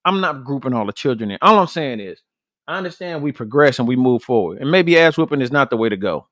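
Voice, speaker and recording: A man hosting a podcast, chatting casually with his viewers in a blunt, profane, animated way and repeating his points for emphasis. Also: medium pitch, quick pace. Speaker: podcast host. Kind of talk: casual livestream chat with viewers.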